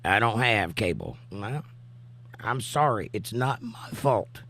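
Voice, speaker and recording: In casual live-chat commentary, a man hosting a livestream reads viewers' comments out loud, his voice not yet over a cough. He speaks slowly in a lowish, slightly bright voice, yet sounds animated.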